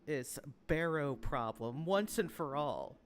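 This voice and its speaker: A man doing a pompous noble lord who is making a speech to the peasants. His voice is raised, loud and grand, and he drags out each word slowly. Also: lively intonation, slight background noise. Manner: grandiose, booming proclamation.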